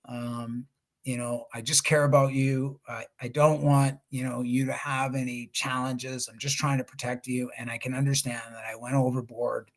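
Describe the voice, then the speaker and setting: Middle-aged male guest speaker, mid pitch, chatty storyteller on a video call. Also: flat delivery, normal speed. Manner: conversational, restarts, acts out quotes. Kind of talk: webinar storytelling.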